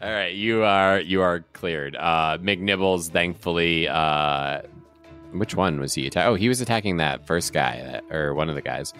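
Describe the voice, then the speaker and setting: Deep-voiced man running a tabletop game. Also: normal speed, a bit bright, clean tone, faint music behind. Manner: loose, laughing, lots of fillers. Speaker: game master.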